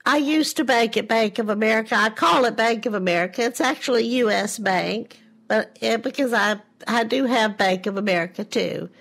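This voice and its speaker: A woman's voice: a little high, normal speed, vocal fry, a bit bright, slightly rough. A woman scambaiter talking bluntly and mockingly on a prank phone call, often repeating herself.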